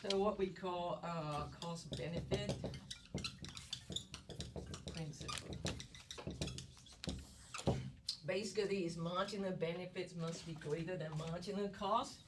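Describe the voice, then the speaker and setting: A woman instructor lectures a class on economics, her voice sitting fairly low as she repeats key words and prods the room. She is picked up from a distance across the classroom. A steady hiss sits under her voice. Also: a little slow. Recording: distant classroom recording with background noise.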